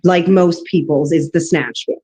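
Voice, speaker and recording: A woman's voice: on the low side, fairly even intonation, normal speed, mellow. A woman co-hosting a video call interview, asking the guest curious, friendly questions. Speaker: co-host. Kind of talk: casual interview chat.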